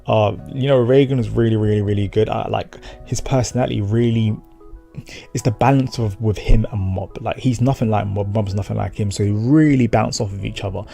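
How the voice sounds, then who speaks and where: A man casually recapping and reviewing an anime episode, rambling and slangy, swearing and acting out quick bits of dialogue. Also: fairly low pitch, fairly even intonation, vocal fry, dark tone, soft background music.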